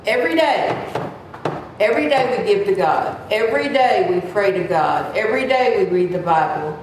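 In a church room, a woman in her seventies teaches Sunday school, giving an earnest, chatty sermon and sometimes putting on whiny voices. She speaks at a normal speed in an animated, medium-pitched voice. The room is echoey, the mic sits at a distance, and there's faint noise.

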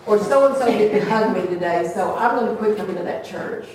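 Speaking at a moderate pace with a medium pitch and a slightly mellow quality, a woman preaches to a small congregation in a small church hall, occasionally playing out gossip in playful voices. There's a little hiss or hum, and she's captured from far off in an echoey room with faint ambience.

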